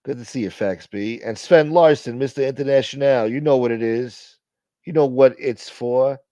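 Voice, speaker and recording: A man hosting a casual livestream, thanking donors and shouting out viewers by name in a profane, joking way. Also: medium pitch, moderate pace, dry recording. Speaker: livestream host. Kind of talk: casual live chat reading donations.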